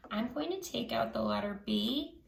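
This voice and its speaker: A woman teacher giving a slow phonics lesson to children, stretching out each sound clearly. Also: on the high side, expressive. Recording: echoey room.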